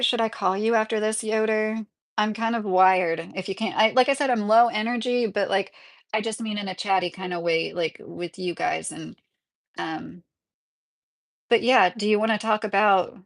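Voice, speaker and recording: A middle-aged woman chatting casually on a livestream, answering viewers in a rambling way with lots of fillers and frequent laughs. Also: medium pitch.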